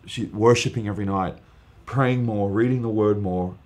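A man, a guest preacher, telling an earnest, animated testimony story in casual podcast chat, with lots of fillers. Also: lowish voice, normal speed.

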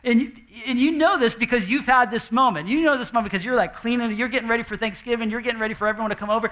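Brief: young male pastor, high bright voice, chatty and animated, preaching on a stage. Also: very fast, hardly any pauses. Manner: animated and conversational, acting out quoted voices. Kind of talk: sermon. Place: church stage before a congregation.

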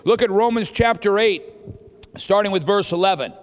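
A man preaching a lively sermon to his congregation, acting out the voices he quotes and often quizzing the listeners. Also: sits high, moderate pace, muffled recording. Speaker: pastor. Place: church hall with long reverb. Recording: long hall reverb in a church.

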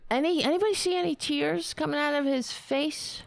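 A woman's voice: high-pitched, fairly even intonation, a little fast, vocal fry, background noise. A woman hosting a show and delivering political commentary in a profane, sarcastic and indignant way. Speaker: show host.

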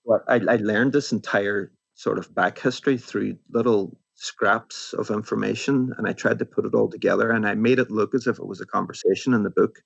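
A man with a Northern Irish accent, an author answering interview questions in a thoughtful, musing way that often trails off softly. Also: fairly low pitch, vocal fry, husky, no echo, dull audio. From Northern Ireland. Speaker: author guest.

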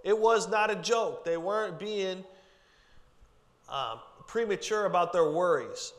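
A man's voice: high voice, lively intonation, a little slow. A man preaching a casual, joking sermon to a group, with chatty asides. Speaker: pastor. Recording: long hall reverb.

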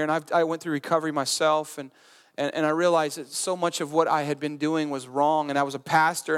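A male pastor preaches a sermon in an earnest, conversational way, with humorous asides. His voice sits high for a man. Long reverb from the church hall trails behind him. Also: a bit bright.

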